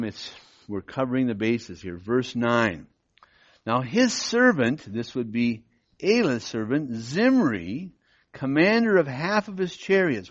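A male pastor teaching through a Bible passage, reading verses aloud and then explaining them, often checking in with his listeners. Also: medium pitch. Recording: dull, muffled recording.

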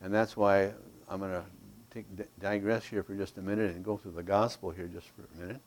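A man's voice: low-pitched, level tone, a little fast, slight background noise. A man preaching a sermon to his congregation, reading Scripture aloud and checking in with them. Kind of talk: verse-by-verse sermon.

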